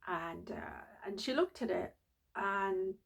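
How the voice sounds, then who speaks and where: A woman's voice: mid-range voice, slow, creaky, a bit bright. A middle-aged woman vlogging, telling a personal story in an earnest, heartfelt, rambling way.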